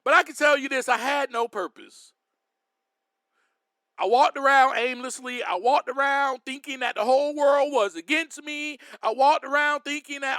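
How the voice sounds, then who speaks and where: A man hosting a faith podcast, speaking to his listeners as friends in an emphatic, preacher-like way, with sudden loud bursts. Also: very high voice, normal speed, no echo, clean studio sound. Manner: addresses listeners directly as friends. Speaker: podcast host. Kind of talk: faith-based podcast monologue.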